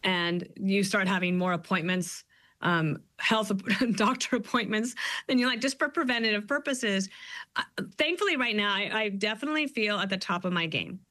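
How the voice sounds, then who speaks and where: A woman in her fifties talks as a guest author, telling her stories quickly and with animation. Her voice is bright and lively in tone. The recording is close and dry, with no room around it. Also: mid-range voice, no echo. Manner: quick, animated storytelling with quoted asides. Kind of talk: interview conversation.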